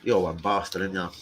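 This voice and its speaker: A man's voice: low voice, background noise. A man hosting a casual livestream, brash and joking, full of slang and swearing. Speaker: livestream host. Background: beat music playing.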